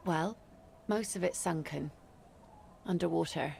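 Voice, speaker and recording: A woman's voice: fairly low pitch, unhurried, vocal fry, a little mellow, a little hiss or hum. An actress voicing a weary, stern mother in a game, with dry, matter-of-fact warnings. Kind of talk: game voice acting.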